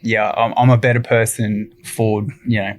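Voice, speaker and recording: An Australian man guesting on a podcast, telling stories casually with lots of fillers and pauses. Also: lowish voice, little pitch movement. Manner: rambling, lots of fillers, soft-spoken reflection. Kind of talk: casual conversational storytelling.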